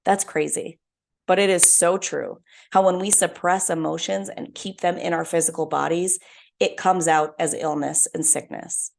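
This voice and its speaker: A young woman talks alone as a podcast host, earnest and heartfelt as she tells a story. Her voice sits a little low and carries a gravelly edge throughout. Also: fairly even intonation, normal speed. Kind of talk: reflective solo talk.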